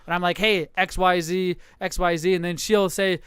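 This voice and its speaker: A man's voice: sits high, level tone, normal speed, a bit bright, clear, resonant tone, dry recording, clean studio sound. A man co-hosting a casual podcast, full of provocative, swearing banter and frequent laughter. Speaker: podcast co-host.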